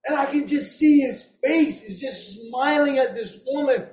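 A man preaching an impassioned, emotional sermon, raising his voice to a shout at its peaks. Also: extremely high pitch, measured pace. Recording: roomy echo.

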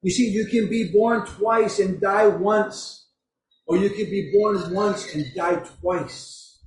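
A man preaching a sermon, telling a story in a slow, deliberate way, recorded from a distance in a room. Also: high-pitched, fairly even intonation. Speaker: pastor. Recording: echoey room from far off.

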